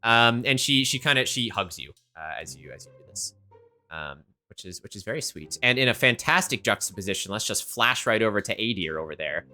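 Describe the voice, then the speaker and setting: A woman running a tabletop game on a live stream, narrating in a chatty, animated way. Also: a bass voice, brisk, faint music behind. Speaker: game master.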